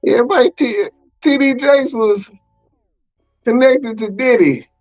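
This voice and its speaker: A man hosting a podcast in casual chat, animated and slangy, exclaiming and laughing often. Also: extremely high pitch, measured pace, long pauses, soft background music, rough recording. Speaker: podcast host.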